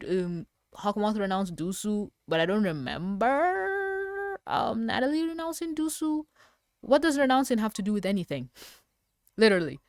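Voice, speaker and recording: A woman reacting to a cartoon episode as a reviewer, swearing and ranting between fits of laughter. Her pitch leaps up and down all the time. The sound is dry and close, with no room echo. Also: a little mellow. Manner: profane, laughing often, rants. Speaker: animated series reviewer.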